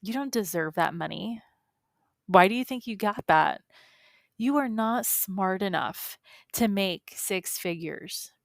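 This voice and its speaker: A woman's voice: medium pitch, takes it slowly, gravelly, dry recording, studio quality. A woman voicing a small, sneering inner gremlin that belittles and doubts. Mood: belittling. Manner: scornful, belittling.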